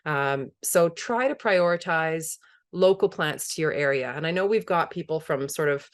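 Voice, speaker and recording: A woman's voice: low voice, moderate pace. A woman presenting a webinar on a video call, conversational and enthusiastic, laughing easily as she explains. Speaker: permaculture presenter.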